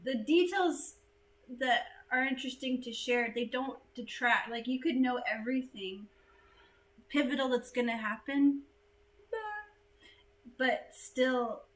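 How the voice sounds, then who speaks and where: A woman from the United States hosting a casual livestream chat, chatty and animated, laughing easily. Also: fairly high pitch, slow pace, pauses often, rough recording.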